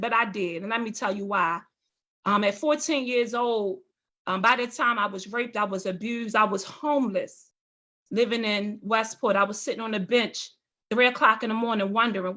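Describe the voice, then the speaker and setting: At a meeting, a woman in her forties who works as a parole and probation agent tells her life story with passion and rhetorical questions. Her voice is a little high with a fairly bright tone.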